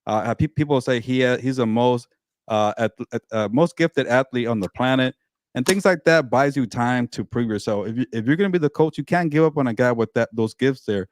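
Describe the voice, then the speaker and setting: A man's voice: medium pitch, fairly quick, no echo. A man co-hosting a casual sports talk show, ranting emphatically about football. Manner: animated, emphatic rants. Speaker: co-host.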